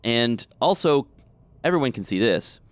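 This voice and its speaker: A man running a tabletop game as game master, narrating scenes and calling for rolls in an easygoing, relaxed way. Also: medium pitch, a little slow, no echo.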